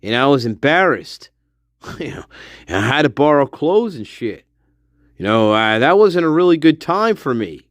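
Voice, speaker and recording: A man's voice: medium pitch, sing-song, normal speed, dry recording, studio quality, pitched below the performer's own voice, close to an everyday voice. A man mockingly impersonating a self-absorbed, petulant young woman.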